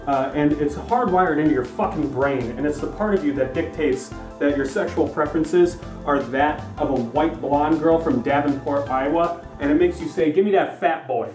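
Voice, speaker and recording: Young man, comedic rant, profane, rambling, slightly high voice, echoey. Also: moderate pace, few pauses, a little mellow, far from the mic, soft background music. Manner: profane, rambling, repeats "listen". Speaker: comedy vlogger.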